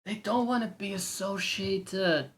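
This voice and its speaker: A man's voice: high-pitched, unhurried, fairly bright tone. A man streaming live and reacting to a game trailer, ranting with opinions, swearing and mocking voices.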